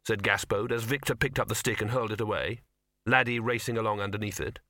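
A man narrates an audiobook in a wry, lively storytelling manner. His voice is bright and crisp at a middling pitch, recorded close and completely dry. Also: fast, dry recording.

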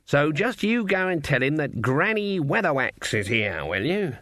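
Guy doing a bossy old witch lady, slow and sure of herself, higher than his own voice. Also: sing-song, fairly bright tone, no room sound, studio quality. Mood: stern, smug. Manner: slow, emphatic and self-assured. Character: stern, proud old witch woman. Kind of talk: audiobook character voice.

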